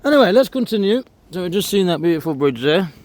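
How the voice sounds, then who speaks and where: A man's voice: sits high, big pitch swings, fast talker, darkish tone. Chatty man on a countryside walk. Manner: chatty, pointing things out while walking outdoors. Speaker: walking vlogger. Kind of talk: casual walking commentary to camera. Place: outdoors on a disused railway trail.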